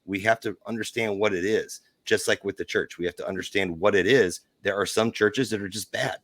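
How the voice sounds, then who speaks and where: A man's voice: on the low side, fairly quick, a bit bright, no room sound. A man on a podcast, talking emphatically and giving firm opinions in casual chat.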